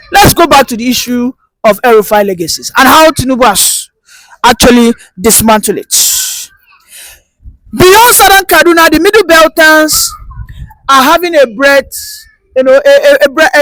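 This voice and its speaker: A woman's voice: high voice, lively intonation, moderate pace, pauses often, fairly bright tone, no room sound, low-quality recording. A woman delivering impassioned political commentary, emphatic and rhetorical, repeating points for force. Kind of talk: opinion commentary.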